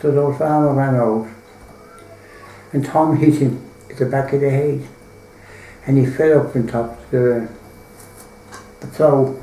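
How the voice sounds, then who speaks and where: A man's voice: medium pitch, fairly even intonation, measured pace, long pauses, dark tone, roomy sound, slight background noise, rough recording. An Irish man telling a folk tale in a rambling, colloquial way, full of swearing. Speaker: storyteller.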